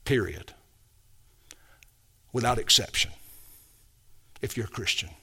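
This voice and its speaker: A man preaching a sermon as a pastor, emphatic, swinging between hushed and raised delivery. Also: on the low side, slow, slightly rough.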